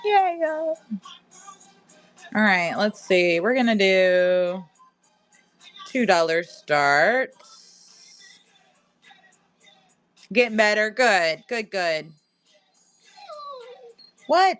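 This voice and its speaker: A woman with a medium-pitched, slightly bright voice speaks slowly and animatedly, with long pauses and faint music behind her. Hosting a casual live-stream sale from home, she chats, laughs a lot, and talks to her viewers and her pet.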